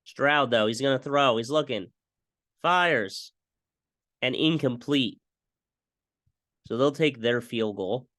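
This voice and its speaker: A young man talking through football highlights in a casual play-by-play style, often breaking into excited broadcast-style calls. His voice sits in a middle range. He is recorded dry and close on a desktop mic. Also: takes it slowly, pauses often, no room sound. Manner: excitable, mimics broadcast calls, repeats stock phrases. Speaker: fan video commentator.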